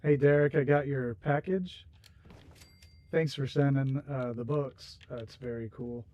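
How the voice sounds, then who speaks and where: A man's voice: medium pitch, steady tone, unhurried, mellow, no echo. A man hosting a game livestream, chatting casually and rambling with viewers while he builds, laughing easily. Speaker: livestream host.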